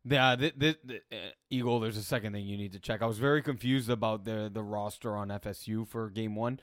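Animated man on a sports podcast. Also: lowish voice, a little fast, dry recording, clean studio sound. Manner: animated storyteller, quotes others in lively bursts. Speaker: co-host. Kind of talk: casual sports podcast chat.

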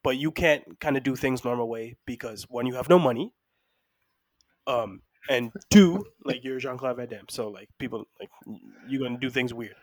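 A man co-hosting a casual movie review chat, animated and quick to act out scenes and laugh. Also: medium pitch. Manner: animated, acts out scenes in voices, laughs often. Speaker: podcast co-host.

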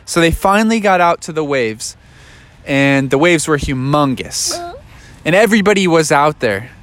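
Playful, slightly high-voiced dad storyteller. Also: male voice, animated, normal speed, a bit bright, no room sound. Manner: casual, playful, surfer slang. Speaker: parent telling a story. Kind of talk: improvised bedtime story.

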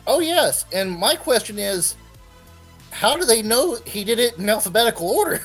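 A man's voice: high-pitched, sing-song, moderate pace, a bit bright, husky, soft background music. A man co-hosting a podcast, asking wry questions in casual chat.

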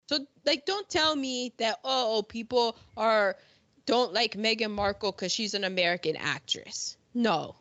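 A woman with a high, bright, ringing voice talks in a lively, excitable way, jumping into little acted-out quotes as she chats. The sound is somewhat dull and lo-fi. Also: a little slow, dry recording. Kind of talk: casual chat.

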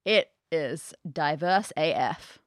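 A woman co-hosting a podcast, answering quiz questions in casual chat with quick, wry remarks. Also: low voice, expressive, no room sound, clean studio sound. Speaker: podcast co-host.

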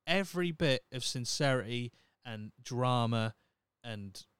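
A man's voice: medium pitch, expressive, a little slow, a bit bright, clean tone, no echo. A young man hosting a solo podcast, talking in a blunt, sweary, opinionated way. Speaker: podcast host. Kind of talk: casual solo podcast rant.

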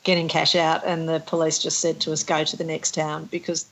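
A woman's voice: sits low, completely flat delivery, fairly quick, fairly bright tone, poor audio. A woman, a traveller and guest, chatting casually with dry, witty remarks. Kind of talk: casual podcast chat.

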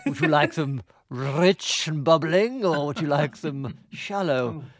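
A man doing a comic impression of a grand, pompous old male film actor, in a slow, plummy, overly grand manner. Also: fairly high pitch, animated, no echo, clean studio sound. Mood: grandiose. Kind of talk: comic impression in a podcast chat.

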